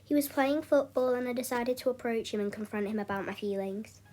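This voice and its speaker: A young woman with a slightly high voice tells a storytime in a loose, chatty way. She keeps restarting her sentences and falls back on "anyway, so" as she goes. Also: brisk, darkish tone, a little hiss or hum. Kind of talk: casual storytime narration.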